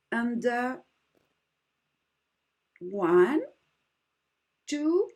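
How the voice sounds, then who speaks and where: A woman with a French accent, speaking English as a second language, patiently walking viewers through an embroidery stitch step by step. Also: high voice. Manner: gentle, patient, slightly broken English. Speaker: embroidery teacher. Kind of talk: slow step-by-step craft demonstration.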